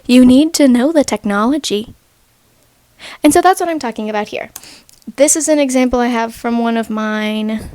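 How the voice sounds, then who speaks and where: A young woman giving a loose, chatty rant-lecture on writing, rambling with lots of asides and now and then dropping to a soft half-whisper. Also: a little high, normal speed, no echo. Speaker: writing video creator.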